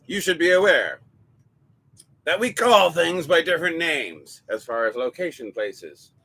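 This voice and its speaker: Lively-voiced man singing folk tunes. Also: a little high, a little slow, creaky, slightly rough. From New York City. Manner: playful, sings in a mock old-timey folk voice. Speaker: host and folk singer. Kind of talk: casual drinking chat and guitar song. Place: outdoors by a tent.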